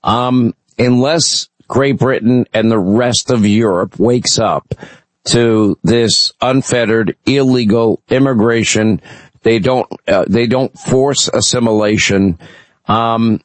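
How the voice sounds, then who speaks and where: Male radio host, emphatic and opinionated, mid-pitched, dry close studio mic. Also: measured pace, dry recording, poor audio. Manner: emphatic, opinionated, frequent fillers. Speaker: radio talk show host. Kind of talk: talk radio commentary. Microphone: studio microphone.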